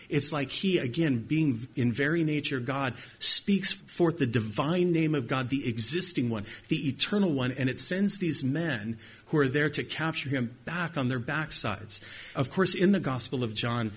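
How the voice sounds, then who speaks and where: Husky-voiced man preaching a sermon. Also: mid-range voice, a bit bright. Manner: earnest preaching with vivid retold dialogue. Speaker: pastor.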